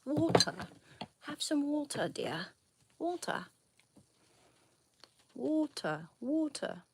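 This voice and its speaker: A woman's voice: sits high, sing-song, extremely slow, heavy background noise, pitched above the performer's own voice, full character voice. A woman putting on a posh British accent as a prim lady offering water. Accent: British (put on).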